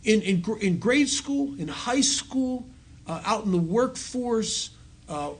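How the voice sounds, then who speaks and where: In a meeting hall before a live audience, a middle-aged man speaking at a recovery meeting tells his personal story, sprinkling in self-mocking jokes. His voice is high-pitched, expressive and slightly rough, and he takes it slowly.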